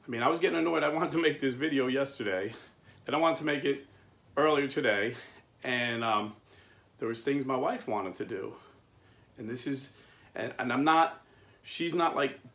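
A man in his fifties with plain-spoken, blue-collar phrasing, giving a casual preaching monologue as the host of a Catholic men's video. He tells stories in an animated way and chuckles while he talks. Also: medium pitch, gravelly.

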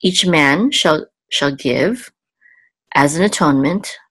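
A woman's voice: deep voice, lively intonation, fairly bright tone, slightly rough, no room sound. A woman teaching a Hebrew reading lesson, patiently sounding out syllables one by one with frequent ums. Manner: patient, spells out sounds slowly, thinks aloud with ums. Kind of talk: casual step-by-step lesson.

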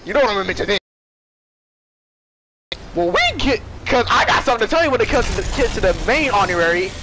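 A teenage boy hosting a casual chat, telling a story in animated bursts with loud rants. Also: high voice, quick pace. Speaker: channel host. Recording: noisy home recording.

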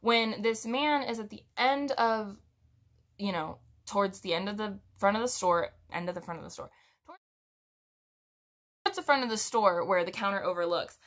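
A woman's voice: mid-range voice, moderate pace, pauses often, a bit bright. A young woman telling a casual story to her viewers, chatty and rambling, with giggles and restarts. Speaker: storytime vlogger.

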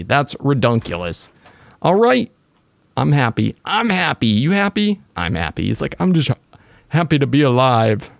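Excitable gravelly male gamer, lively. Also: a little high, no echo. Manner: chatty, excitable, talks to viewers. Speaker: gaming YouTuber. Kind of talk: casual gameplay commentary.

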